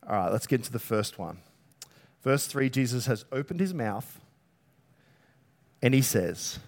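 A man's voice: mid-range voice, animated, a little slow, pauses often, darkish tone. A man preaching a sermon. He talks in a conversational way, asks the listeners rhetorical questions and pushes his voice up on key words. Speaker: pastor.

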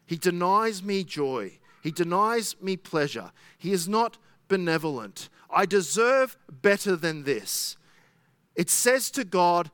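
A man preaches a sermon to his congregation in a fairly high, conversational voice. He keeps asking his listeners rhetorical questions. The recording sounds dry and close. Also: very animated, slow pace, a bit bright, smooth, no room sound. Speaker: pastor. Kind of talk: expository sermon.

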